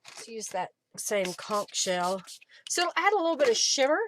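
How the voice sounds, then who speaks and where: A woman's voice: a little high, very animated, moderate pace, a little hiss or hum. A woman hosting a casual crafting live stream from her home craft room, chatting and thinking aloud as she works.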